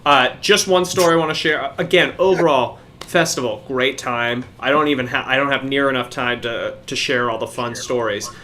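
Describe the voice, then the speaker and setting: A man's voice: medium pitch, moderate pace, hardly any pauses, bright, forceful tone, a little hiss or hum. A young man, a podcast co-host, telling a profane story in casual chat.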